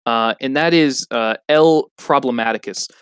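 A man voicing a learned old snailfish who explains things in a measured way with many pauses. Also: medium pitch, a bit bright, smooth, no room sound, close to an everyday voice. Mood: teasing questions. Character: learned old male snailfish, knowledgeable and calm. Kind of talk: comedy podcast role-play.

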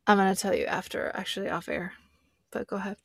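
A woman's voice: mid-range voice, fairly even intonation, fast, gravelly, fairly bright tone, husky, no room sound. A woman co-hosting a casual film review podcast, chatty and rambling. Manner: chatty, rambling, self-interrupting. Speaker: podcast co-host.

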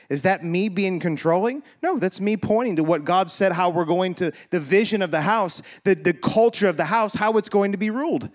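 A man's voice: high-pitched, moderate pace, hardly any pauses. A man preaching a sermon as pastor, talking casually and animatedly, joking and laughing with his congregation, and acting out quoted voices.

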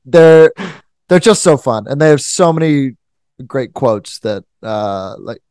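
Young man in relaxed podcast chat. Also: medium pitch, slow pace, smooth, dry recording. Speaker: podcast co-host. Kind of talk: casual film review chat.

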